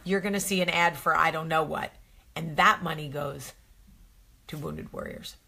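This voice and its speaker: A woman's voice: sits low, normal speed, vocal fry, pushed and bright, husky. A woman hosting a live advice chat, talking straight to viewers, chatty and effusive as she answers their comments. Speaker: host of a live advice show. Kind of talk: casual live-stream chat.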